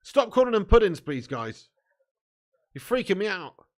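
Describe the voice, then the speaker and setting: A man's voice: sits high, very animated, normal speed. A young man hosting a live football watch-along, bantering with chat, laughing often, swearing and calling everyone mate. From southern England. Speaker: fan channel host.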